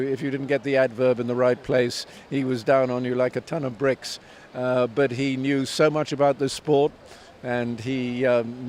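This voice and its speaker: A man in his seventies talks at a measured pace with plenty of ums and restarts. He sounds like a veteran commentator telling stories in an interview. His voice sits in a middle pitch, with faint noise behind it. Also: darkish tone. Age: 70s. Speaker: tennis commentator and author, guest. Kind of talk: reflective interview answers.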